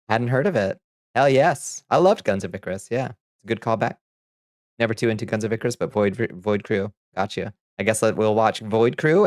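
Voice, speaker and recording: A man's voice: on the low side, no echo, studio quality. A man chatting casually on a livestream, greeting his chat by name and chuckling often. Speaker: streamer.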